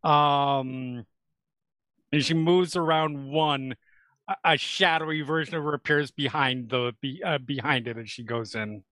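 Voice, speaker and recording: A man playing in a tabletop game, describing his character in a halting way, searching for words. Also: mid-range voice, fairly even intonation, pushed and bright, no room sound. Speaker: player.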